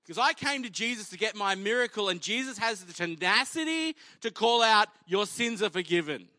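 A man's voice: high voice, animated, fairly quick, hardly any pauses, bright, forceful tone, dry recording. A male pastor preaching a sermon in a conversational, humorous way, acting out the people in the story as he tells it.

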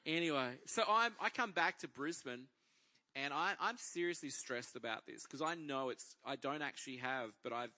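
An Australian man preaches with a bright, ringing voice. He tells a personal story in a lively way and voices the people in it as he goes. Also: mid-range voice. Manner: lively storyteller acting out dialogue. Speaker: pastor. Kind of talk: sermon storytelling.

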